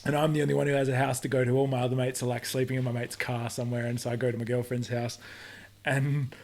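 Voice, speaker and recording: A young man with an Australian accent chatting casually on a podcast, telling lively stories, swearing freely and acting out what people said. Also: mid-range voice, quick pace. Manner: animated storyteller, swears freely, acts out quotes in voices. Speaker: podcast guest. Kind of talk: casual chat.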